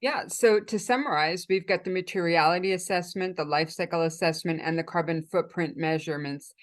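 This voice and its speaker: A woman's voice: fairly low pitch, brisk. A woman moderating a webinar panel, summarizing points and handing over questions.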